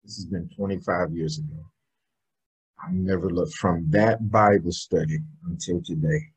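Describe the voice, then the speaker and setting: Guest interviewee: middle-aged man, motivational speaker, very raspy voice, fairly low, earnest storyteller. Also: steady tone, moderate pace, poor audio. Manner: emphatic, earnest storytelling with bursts of laughter.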